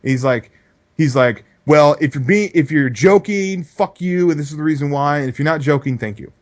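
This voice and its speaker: A man's voice: on the high side, normal speed. A man co-hosting a casual podcast, rambling in a laid-back way and laughing often. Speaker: podcast co-host. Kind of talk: casual profane chat.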